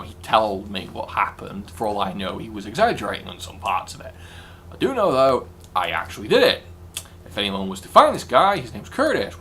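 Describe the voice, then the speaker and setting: A man's voice: a little high, a bit bright, slight background noise. A young man telling a personal story casually, in a rambling, hesitant way full of fillers. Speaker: vlogger.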